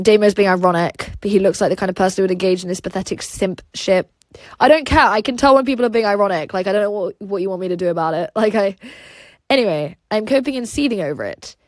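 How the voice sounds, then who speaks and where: A woman's voice: medium pitch, no room sound. A woman in her twenties with a British accent, a native Russian speaker, chatting casually on a livestream and reading out viewer comments, blunt and profane, laughing often.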